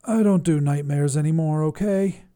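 A man's voice: fairly high pitch, normal speed, warm tone, pitched above the performer's own voice, lightly acted. A man voicing a sleepy, flustered male priest who gets whiny and panicky, in a storybook reading. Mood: grumbling.

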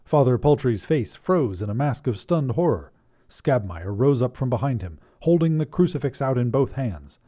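Expressive male story narrator, mellow tone. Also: mid-range voice, normal speed. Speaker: podcast host and narrator.

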